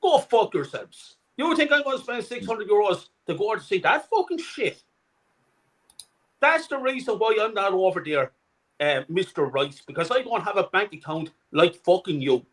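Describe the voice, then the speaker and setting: A middle-aged man co-hosting a fan channel delivers angry fan commentary, a furious, profane, shouted rant. His voice is high-pitched with big pitch swings, his pace is moderate, and the audio quality is poor.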